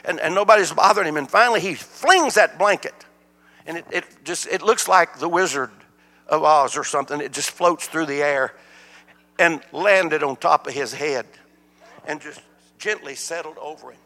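Older preacher with gravelly voice. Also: male voice, a little high, moderate pace. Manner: folksy storytelling, animated. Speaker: guest preacher. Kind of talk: sermon. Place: church sanctuary. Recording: church hall reverb.

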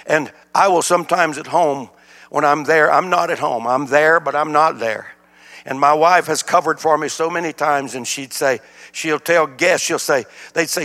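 An older man with a somewhat high voice preaches a sermon as a guest speaker in a church sanctuary, speaking at normal speed. He tells folksy stories in an animated way, and the recording carries church hall reverb.

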